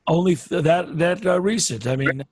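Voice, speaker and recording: High-voiced husky male interviewer. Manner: supportive, quick interjections. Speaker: interviewer host. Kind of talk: casual interview. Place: home, video call.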